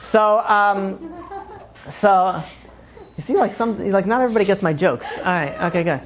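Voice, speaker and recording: Rambling, joking New rabbi. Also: male voice, high voice, animated. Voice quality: rambling, full of "you know" and "like" fillers. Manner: wry self-mocking humor with quick asides. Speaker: rabbi teaching a class. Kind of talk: casual joking lecture.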